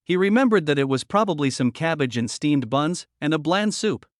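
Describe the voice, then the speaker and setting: Higher-voiced man narrating a story. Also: animated, moderate pace, no echo, clean studio sound.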